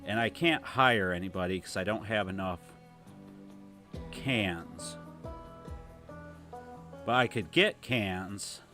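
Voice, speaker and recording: With a Toledo, Ohio twang and a low voice, a man hosts a relaxed gameplay livestream, speaking slowly and pausing often. He rambles easily and reads viewers' comments aloud as faint music plays underneath.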